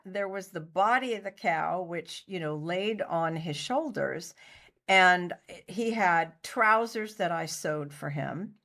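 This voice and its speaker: A middle-aged woman, a guest on an interview show, telling a story in a lively, chatty way and acting out other people's lines. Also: fairly low pitch. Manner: animated anecdote teller, acts out other people's lines. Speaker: interview guest, costumer and actor.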